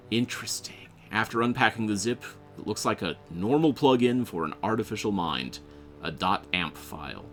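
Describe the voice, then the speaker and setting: A man with a lowish, slightly bright voice plays through a game casually, reading its text aloud and chatting as he goes. He often trips over his words.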